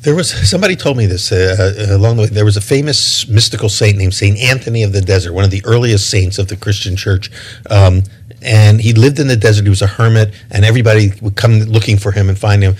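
A middle-aged man speaking reflectively as an interview guest, pausing and restarting his phrases as he thinks. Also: lowish voice, darkish tone, slightly rough. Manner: thoughtful, many restarts and repeated words.

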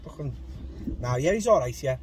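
A man's voice: medium pitch, lively intonation, moderate pace. A man in his thirties, co-hosting a podcast, telling a long casual story in a rambling way with fillers and casual swearing. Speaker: podcast co-host. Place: in a car. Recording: loud road noise in a car.

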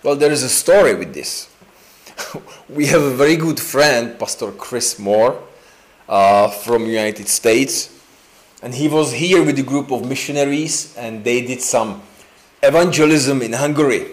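A man preaching an informal, joking sermon in a church, full of fillers and restarts. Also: mid-range voice. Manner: chatty and joking, with many fillers and slow restarts. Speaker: pastor. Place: church sanctuary indoors.

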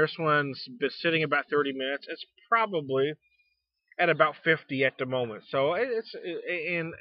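A man with a fairly high voice rambles through a casual beer-review vlog, full of fillers and restarts, talking frankly with some mild profanity. There's no echo, and the highs in the audio are cut off.

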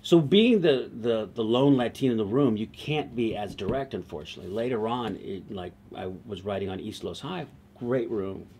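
Animated low-voiced man telling stories. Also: normal speed, hardly any pauses, slight background noise. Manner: animated, laughs easily, slips into quoted voices. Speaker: TV writer, interview guest. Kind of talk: conversational storytelling.

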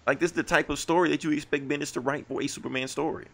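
A man's voice: a little high, steady tone, racing, creaky, a bit bright. A man co-hosting a podcast, casually recapping a comic book in a loose, rambling way. He acts out the dialogue in quotes and swears now and then. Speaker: podcast co-host reviewing comics.

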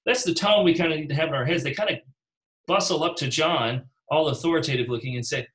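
Lively man teaching a Bible class. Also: on the high side, quick pace, poor audio. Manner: animated, acts out quotes in character voices; conversational, calls on class members.

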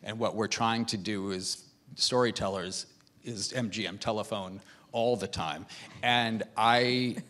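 A filmmaker talking on a conference panel, a man who speaks haltingly, with many false starts and repeated words. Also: on the low side, fairly even intonation, pushed and bright. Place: conference stage.

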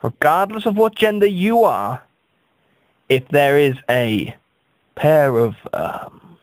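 A man delivering a rambling, absurd comic monologue, stammering and jumping up into high squeaks for effect. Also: animated, slow, no echo.

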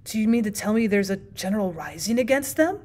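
A woman doing a stammering, indignant gentleman host. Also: medium pitch, lively intonation, a little fast, natural voice. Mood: alarmed. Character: flustered pompous middle-aged English gentleman host.

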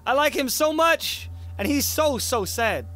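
A man's voice: very high-pitched, expressive, measured pace, pushed and bright, faint music behind. A young man casually commenting on his gameplay, cursing and mocking himself. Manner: casual, swearing, self-mocking, laughs often. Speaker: let's play host.

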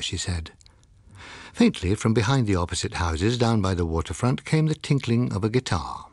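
A man narrating a novel in a measured, expressive storytelling manner. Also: on the low side, slightly rough, no room sound. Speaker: audiobook narrator. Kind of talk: scripted narration.

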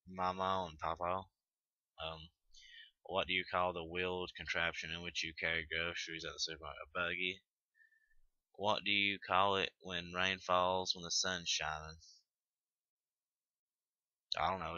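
A teenage man with a Tennessee Southern accent talks in a low, flat voice that stays on one pitch. He stumbles, trails off and swears offhand as he reads through a list of questions. His voice has a bright, hard edge, and the dull, dry lo-fi home mic adds no room sound. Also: no room sound. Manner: mumbling, hesitant, trails off, casual swearing. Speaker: vlogger reading an accent tag. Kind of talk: casual unscripted chat.

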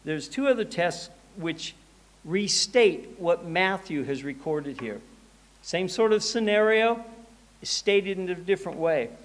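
A man's voice: high-pitched, animated, slow. A pastor preaching a conversational sermon in church, often restarting and repeating words as he goes.

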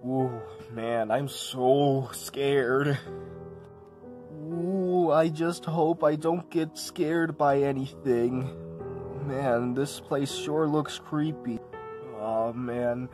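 A man playing a skittish grown-man hero from a homemade comedy sketch, unhurried and stammering, nervous in manner, with an ordinary middle pitch. Faint music plays behind him. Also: darkish tone. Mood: scared. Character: jumpy grown man hero, easily scared.

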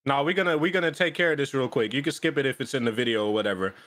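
A man's voice: medium pitch, racing, fairly bright tone. A man co-streaming a game, casually insistent and playful, repeating his points.

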